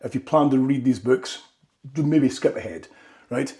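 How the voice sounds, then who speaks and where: A man's voice: medium pitch, moderate pace, warm tone. Rambling man doing a comic rant. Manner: rambling, tags lines with "right?". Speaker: comedy vlogger. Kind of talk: comedic monologue.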